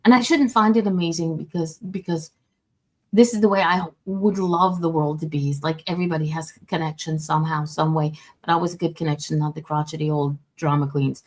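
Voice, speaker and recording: A woman's voice: low voice, steady tone, brisk. A woman from Quebec hosting a casual chat, chatty and joking, laughing often. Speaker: host.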